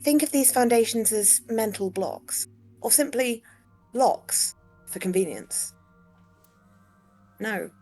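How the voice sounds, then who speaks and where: Woman reading as a deadpan AI partner. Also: fairly high pitch, takes it slowly, pauses often, soft background music, heavily acted. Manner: deadpan, teasing. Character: dry sarcastic female AI partner. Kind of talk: reading game dialogue aloud.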